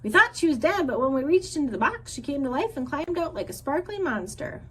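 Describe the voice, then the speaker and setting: A woman's voice: sits high, big pitch swings, fairly quick, voice pushed up. A woman voicing a chatty, friendly big female otter in a storybook reading. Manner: cheerful, talkative.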